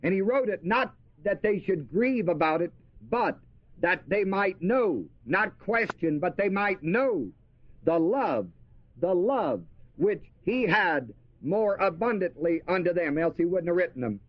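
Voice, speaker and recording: A man preaches a sermon, asking his listeners questions, answering them himself, and repeating key words for emphasis. His voice is high and expressive, unhurried, and the lo-fi recording is dry and dull with no echo.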